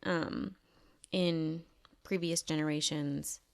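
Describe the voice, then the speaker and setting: A young woman co-hosting a casual podcast chat, with a low pitch and a gravelly fry in her voice. She talks in a reflective, hesitant way and pauses often as she thinks. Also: fairly even intonation. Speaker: podcast co-host.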